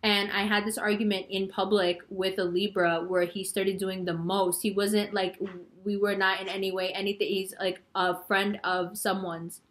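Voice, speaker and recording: Woman tarot reader, casual and chatty, teasing tone, middle-pitched voice, loose rambling delivery. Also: little pitch movement, normal speed, few pauses. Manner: chatty and rambling, heavy use of "like"; playful, teasing. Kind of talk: casual astrology reading.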